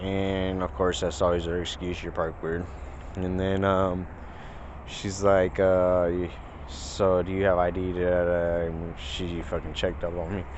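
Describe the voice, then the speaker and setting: A man's voice: low voice, completely flat delivery, measured pace, darkish tone, dull audio, a little hiss or hum. A man telling a rambling story in a casual vlog, full of fillers, recorded on a phone outdoors by a pond. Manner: rambling, filler-heavy, retells dialogue in put-on voices. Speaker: vlogger.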